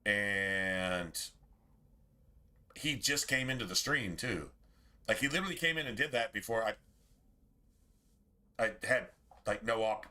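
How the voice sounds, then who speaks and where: A man's voice: on the low side, sharp tone. A man streaming a game and chatting casually to his viewers, rambling and swearing freely. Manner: rambling, profane, talks straight to chat. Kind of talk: casual livestream chat.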